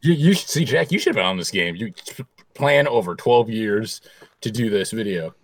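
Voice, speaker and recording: Lively teasing young man. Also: on the low side, moderate pace, no room sound. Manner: teasing, prodding others. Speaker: podcast co-host. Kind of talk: casual chat.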